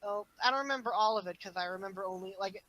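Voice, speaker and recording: A man talking casually on a podcast, rambling with lots of fillers and animated swings in emphasis. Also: high-pitched, very fast, poor audio. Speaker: podcast guest. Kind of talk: casual chat.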